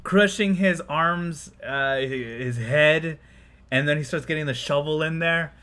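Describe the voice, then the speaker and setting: A man's voice: fairly high pitch, a little slow, pushed and bright, smooth. A man co-hosting a podcast, casually retelling a film scene by scene and laughing often. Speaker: podcast co-host. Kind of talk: casual chat recapping a film.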